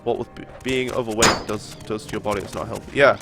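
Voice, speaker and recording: A man's voice: fairly low pitch, fairly even intonation, fast talker, creaky, over loud music. A young man with a nasal voice and a sore throat, chatting casually as he streams a game and answers his viewers. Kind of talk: casual chat during a live game stream.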